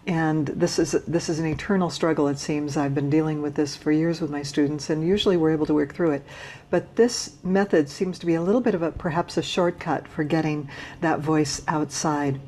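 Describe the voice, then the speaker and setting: A woman voice teacher giving a patient, measured explanation of a singing technique, with small restarts as she talks. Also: low voice, fairly even intonation, warm tone, a little hiss or hum. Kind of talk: instructional talk to camera.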